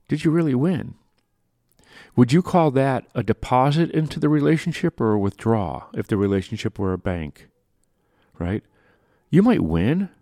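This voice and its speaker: A man's voice: mid-range voice, sing-song, moderate pace, pauses often, a little mellow, no echo, clean studio sound. A man hosting a podcast, talking through advice in a loose, conversational way, with frequent restarts and tag questions. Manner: conversational, repeats words and restarts, asks "right?" often. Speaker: podcast host. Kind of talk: casual advice talk.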